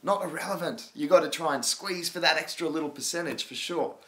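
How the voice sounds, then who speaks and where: A man's voice: on the high side, brisk. A man hosting a live crypto chat stream, talking in a rambling, casual way and laughing often. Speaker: crypto livestream host.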